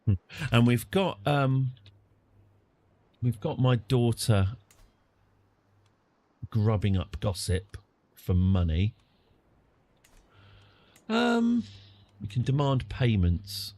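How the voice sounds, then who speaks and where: A British man streaming a strategy game, chatting through it and getting excited and apologetic in turns. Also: medium pitch, extremely slow, pauses often, no room sound. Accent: British English. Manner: chatty, easily excited, apologetic after outbursts. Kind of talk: live game commentary.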